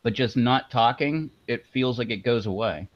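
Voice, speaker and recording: A man's voice: mid-range voice, normal speed, muffled recording. A man hosting a casual livestream, chatting and chuckling as he eats spicy chips with watering eyes. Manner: laid-back, chuckling while eating spicy chips. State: eyes watering from hot spice. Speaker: livestream host.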